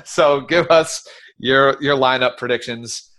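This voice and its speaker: A man's voice: mid-range voice, slow pace, a bit bright. A man hosting a casual sports podcast, talking in a loose, opinionated way with fillers. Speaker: podcast host.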